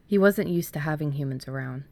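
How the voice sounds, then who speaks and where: Low-voiced woman reading her story. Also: a little mellow. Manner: measured reading, hesitant with fillers when chatting. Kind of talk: storybook narration, then casual chat.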